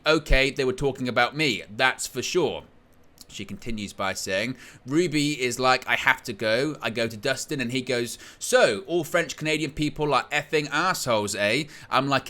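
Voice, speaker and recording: A man hosting a wrestling news show, reading out quotes from an interview with a lively storytelling delivery. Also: medium pitch.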